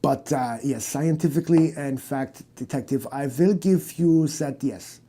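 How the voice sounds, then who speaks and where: A man's voice: medium pitch, a little slow, mellow, natural voice. A man voicing a pompous, middle-aged German psychoanalyst with a German accent, who speaks in a stiff, formal and fussy way. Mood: lecturing.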